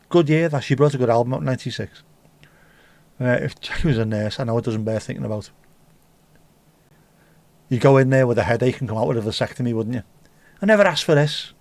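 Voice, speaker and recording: Crude, joking man, mid-pitched. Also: darkish tone, no room sound. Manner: crude joking banter with frequent swearing. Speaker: livestream host. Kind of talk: casual pub-style livestream chat.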